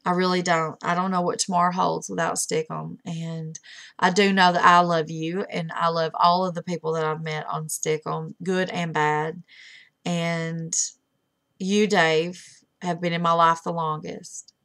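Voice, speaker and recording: A middle-aged woman speaks in a low voice with a gravelly edge. She says a heartfelt, halting goodbye to the friends she made online, pausing often as she fights back tears. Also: flat delivery, fairly bright tone. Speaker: webcam streamer. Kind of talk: emotional farewell message.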